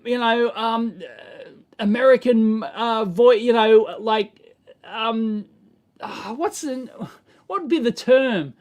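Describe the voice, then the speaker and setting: A man's voice: very high-pitched, slow pace, a little mellow. A middle-aged Australian man hosting a casual electronics livestream, rambling and exasperated, chuckling as he answers the chat.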